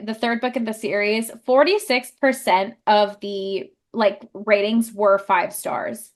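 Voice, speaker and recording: A woman's voice: medium pitch, fairly even intonation, unhurried. A young woman co-hosting a casual book podcast, chatty and full of fillers. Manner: chatty, lots of fillers, laughs easily. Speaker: podcast co-host.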